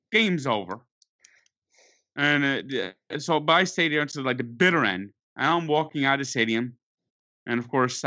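A man rants through a sports story with a forceful, bright edge and a voice pitched a bit high, restarting his sentences as his exasperation builds. The sound is dull and lo-fi but dry, with no room around it. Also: dry recording. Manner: exasperated, animated, stumbling restarts.

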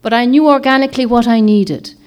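A woman's voice: fairly high pitch, fairly quick, a little mellow. A woman author giving a reflective, rambling talk to a group, often searching for words and restarting her sentences. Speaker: author and speaker.

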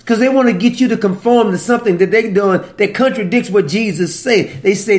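A man preaching with a high voice. His talk is conversational and teasing. He keeps asking his listeners questions and chuckles at his own points. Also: animated, normal speed, few pauses. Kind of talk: sermon.

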